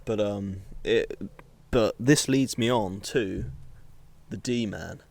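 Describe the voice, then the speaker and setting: A man's voice: fairly low pitch, slow pace, creaky, a little mellow, dry recording. A young man chatting casually as a podcast co-host, rambling and laughing often at himself. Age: young adult. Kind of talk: casual chat.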